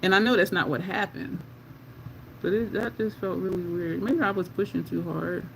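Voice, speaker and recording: Chatty woman doing her makeup and reading comments, gravelly fry in her voice, faint hiss behind. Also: fairly low pitch, steady tone, normal speed. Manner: chatty, answers viewer comments, laughs often. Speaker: beauty vlogger. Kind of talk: casual chat during a makeup tutorial.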